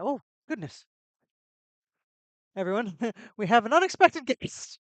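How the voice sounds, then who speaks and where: A woman's voice: a little high, very animated, slow pace, no echo. A woman live-streaming a game, chatting with jokes and self-deprecating asides into a close desk mic. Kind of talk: casual gameplay live stream.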